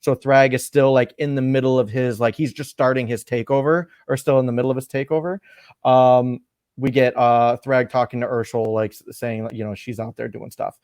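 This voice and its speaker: A man hosting a podcast, recapping a comic issue in a rambling, animated way with lots of fillers. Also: medium pitch, moderate pace, no echo, studio quality. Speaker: podcast host.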